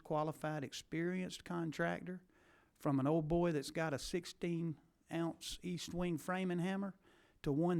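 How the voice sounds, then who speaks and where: A man's voice: a little high, a little mellow. A man questioning witnesses at a legislative committee hearing, pressing his point and repeating words for stress.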